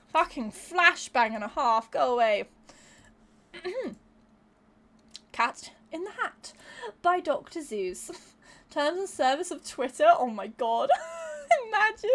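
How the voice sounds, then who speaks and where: Speaking in a high voice, a woman on stream keeps things casual with her live audience, laughing a lot and cursing without restraint. She tends to repeat words while working through her thoughts.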